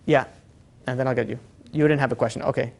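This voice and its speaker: A rabbi giving an animated, chatty class to a live group, with lots of "you know". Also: male voice, medium pitch, quick pace, vocal fry. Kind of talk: lively lecture to a live group.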